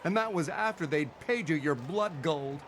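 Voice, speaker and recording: A man's voice: on the high side, expressive, normal speed, fairly bright tone, slight background noise. An actor voicing a bitter male refugee in a video game, scornful and sarcastic.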